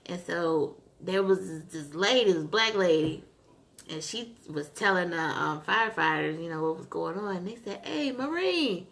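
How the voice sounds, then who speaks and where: A woman vlogger casually recapping a TV episode, retelling scenes in an animated way with lots of fillers. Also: fairly low pitch, moderate pace. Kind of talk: casual chat.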